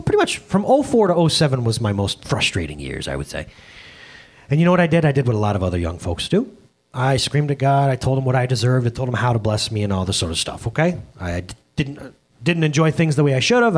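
A man in his thirties preaches in a casual, conversational way, stopping to restart phrases and check that listeners follow. His voice is husky and a touch breathy. His pitch swings widely as he talks. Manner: conversational preaching, lively pitch, frequent restarts and rhetorical questions. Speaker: pastor. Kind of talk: sermon.

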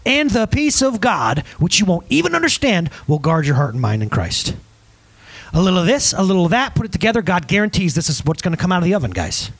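A man's voice: sits high, sing-song, fast, a bit bright, dry recording, rough recording. A male pastor preaching a conversational sermon, emphatic, often asking the congregation questions.

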